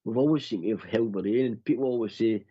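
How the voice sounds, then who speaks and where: A man's voice: lowish voice, fast, dark tone, breathy edge. A man hosting a football fan phone-in, chatting casually and calling his co-host "mate" all the time. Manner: matey, calls the other man "mate" constantly. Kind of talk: casual chat. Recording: dull lo-fi audio.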